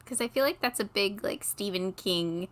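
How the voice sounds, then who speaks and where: A woman co-hosting a casual livestream chat, laid-back and laughing softly between remarks. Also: medium pitch, moderate pace. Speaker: co-host.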